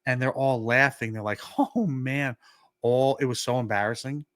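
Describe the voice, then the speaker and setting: A man's voice: mid-range voice, moderate pace, no room sound, clean studio sound. A man, co-hosting a podcast and telling a story casually, acting out the dialogue and using lots of "like". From New York. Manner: animated, acts out quoted dialogue, many "like" fillers. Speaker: podcast co-host.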